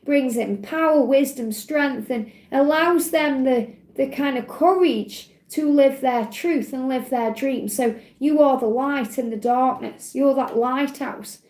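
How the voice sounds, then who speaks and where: Woman, tarot reader, high voice, echoey room. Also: darkish tone. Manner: earnest, emotional, repeats "you know" and "okay". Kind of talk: live-streamed spiritual card reading.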